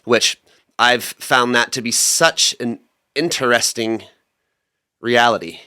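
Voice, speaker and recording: A man's voice: mid-range voice, slow, sharp tone. A man hosting a podcast, chatting casually, backing the guest up with short affirmations and explaining things for listeners. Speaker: podcast host. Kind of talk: casual interview chat.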